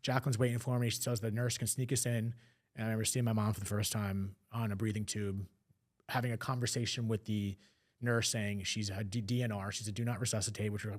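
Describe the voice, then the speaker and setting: A man telling a personal story on a podcast, emotional, slipping into quoted voices. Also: mid-range voice. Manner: fast, emotional retelling with acted quotes. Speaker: podcast guest.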